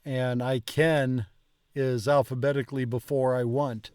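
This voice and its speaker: A man's voice: medium pitch, flat delivery, measured pace, a little mellow, clean tone, no room sound, clean studio sound. A man learning a language, talking hesitantly with many fillers and restarts during a lesson. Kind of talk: casual lesson talk.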